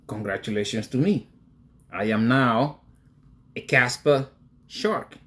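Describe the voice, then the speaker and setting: A man's voice: mid-range voice, takes it slowly, a bit bright. A man talking casually to his viewers, emphatic and chatty, often breaking into laughter. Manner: emphatic, addresses viewers directly. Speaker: crypto investing vlogger. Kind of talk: casual talk to camera.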